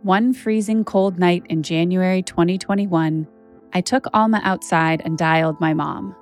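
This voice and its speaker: A woman's voice: lowish voice, measured pace, soft background music. A woman journalist telling a personal story as a podcast narrator, candid and conversational with frequent "like" fillers.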